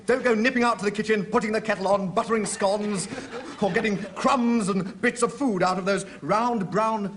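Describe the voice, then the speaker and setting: Rambling giggly presenter. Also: male voice, sits high, noisy background. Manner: rambling, self-interrupting, giggly. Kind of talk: comic TV monologue.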